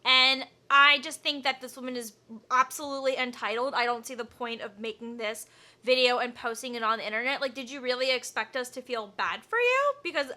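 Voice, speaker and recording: A woman's voice: high-pitched, fairly quick, bright, forceful tone. A young woman giving blunt, profane, exasperated commentary while reacting to online videos.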